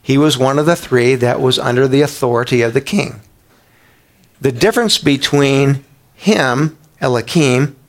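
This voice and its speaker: Male pastor, mid-pitched voice, conversational Bible sermon, lots of questions to the room and restarts. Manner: conversational, asks the congregation questions; repeats words as he restarts.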